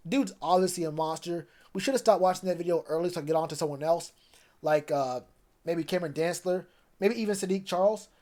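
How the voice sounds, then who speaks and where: A man's voice: on the high side, fast, a little mellow. A man chatting loosely on a live stream about football, rambling with plenty of fillers. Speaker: sports streamer. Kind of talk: casual live stream chat.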